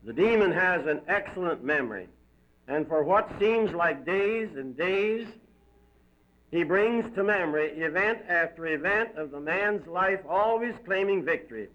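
A man's voice: high voice, animated, measured pace. A man giving an emphatic, dramatic reading of a moral story. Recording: dull lo-fi recording.

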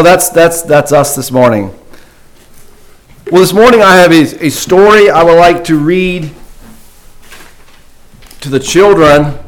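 A man's voice: a little high, low-quality recording. A man preaching a sermon in an earnest way that builds emphasis. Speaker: pastor.

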